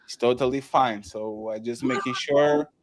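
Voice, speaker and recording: A man's voice: medium pitch, steady tone, normal speed, crowd noise. A man hosting a live-streamed talk show, chatting loosely, stumbling over restarts and thanking viewers by name. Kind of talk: casual live-stream chat.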